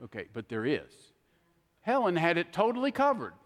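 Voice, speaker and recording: An older man preaching a sermon, telling folksy stories in an animated, heartfelt way. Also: sits high, moderate pace, big-room sound. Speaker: pastor.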